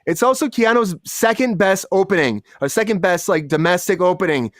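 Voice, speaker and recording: A high-voiced man hosts a relaxed entertainment news chat. He talks conversationally, often repeating his openings before asking the others what they think. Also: brisk. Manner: conversational, asks questions, repeats himself. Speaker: host. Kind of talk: casual chat.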